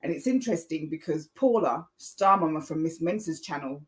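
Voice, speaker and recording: Low-voiced woman pleading on a podcast. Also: animated, moderate pace, poor audio. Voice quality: earnest, pleading, repeats her points. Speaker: podcast host. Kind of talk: casual opinion monologue.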